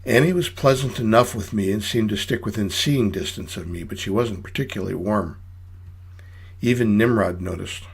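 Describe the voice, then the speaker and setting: A man's voice: lowish voice, normal speed, creaky, breathy edge. A man reading his own story aloud in dry, wry, hard-boiled first-person narration.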